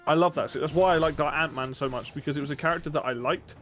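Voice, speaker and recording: A man's voice: fairly high pitch, fast talker, fairly bright tone, faint music behind. A man streaming a game and chatting casually, rambling with enthusiasm and casual swearing. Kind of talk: casual chat while gaming.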